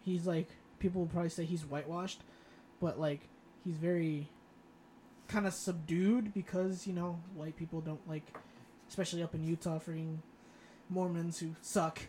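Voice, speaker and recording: A man from Florida, co-hosting a casual podcast chat, telling rambling stories full of fillers and quick laughs. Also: a little high, fairly even intonation, mellow, slight background noise. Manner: chatty storyteller, many fillers, laughs often.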